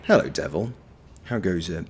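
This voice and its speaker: A lower-voiced man streams a game from home, his pitch swinging widely as he shouts at enemies and reads chat. He talks freely and animatedly, with the odd swear, into a streaming mic. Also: expressive, moderate pace, soft background music. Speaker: streamer and voice actor. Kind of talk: live-stream gameplay commentary, chatting with viewers.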